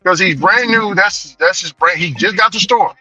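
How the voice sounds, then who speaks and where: A man spins a story from behind the wheel in a sharp, forceful voice pitched high for a man. He stumbles over repeated words and slips into the voices of others. He sits a little back from the mic, with faint music behind him. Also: moderate pace, husky, far from the mic, low-quality recording. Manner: animated, repeats words, acts out quoted voices. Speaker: delivery driver telling a story. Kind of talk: casual storytelling vlog.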